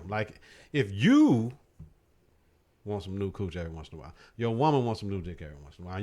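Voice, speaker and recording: A man hosting a podcast, giving blunt, profane opinions in casual chat. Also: medium pitch. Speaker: podcast host.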